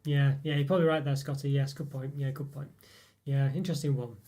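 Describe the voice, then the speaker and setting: A male host reviewing chocolate on a live stream rambles through viewer comments, heavy on fillers and chuckles. He speaks quickly in a mellow, mid-range voice with a flat delivery.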